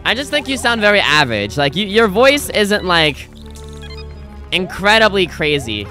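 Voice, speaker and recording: A woman's voice: mid-range voice, big pitch swings, normal speed, bright, forceful tone, faint music behind. A young woman streaming a video game, chatting casually and rambling with frequent restarts. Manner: rambling, self-interrupting, chatty. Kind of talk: casual gameplay commentary.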